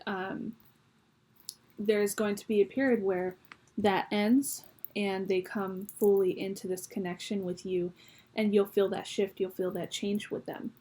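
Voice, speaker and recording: Chatty woman tarot reader at a middle pitch, talking casually to her viewers. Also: darkish tone. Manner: chatty, reads card words aloud, frequent ums. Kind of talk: casual tarot reading to camera.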